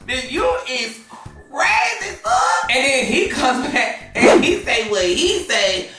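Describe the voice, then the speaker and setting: A man's voice: extremely high pitch, big pitch swings, takes it slowly. A man hosting a gossip show, talking sassy and exclaiming, laughing often. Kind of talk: casual drama commentary. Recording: echoey room, distant from mic, faint music.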